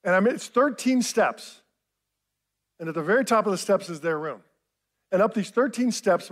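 Guy in his 50s giving a sermon, high voice, animated storytelling, pokes fun at himself. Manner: storytelling, animated and self-mocking. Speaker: pastor.

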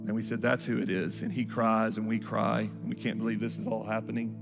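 A man's voice: lowish voice, level tone, a little fast, creaky. A man preaching a sermon from a church stage, telling a story and acting out the people in it. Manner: storytelling, acts out quoted voices. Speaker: pastor. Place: large church hall. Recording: church hall reverb with music.

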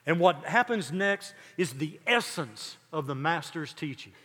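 An older man preaching a sermon, emphatic, building lists of words with dramatic pauses. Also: fairly high pitch, expressive, pushed and bright, long reverb tail. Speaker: pastor.

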